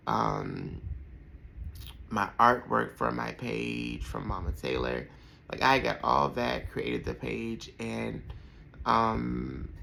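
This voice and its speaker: A man in his thirties speaks with a deeply gravelly, creaky voice, his pitch rising and falling in a lively way. He talks through personal memories with heartfelt warmth, rambling and full of fillers. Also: slight background noise, low-quality recording. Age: 30s. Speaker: podcast host. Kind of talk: personal reflective storytelling.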